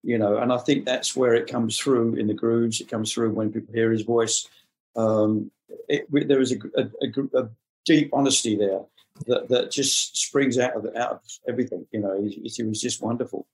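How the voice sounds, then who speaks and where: A man's voice: mid-range voice, fairly even intonation, moderate pace, a little mellow. Rambling male interview guest. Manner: rambling, many fillers and restarts. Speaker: interview guest, rock guitarist. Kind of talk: recorded interview.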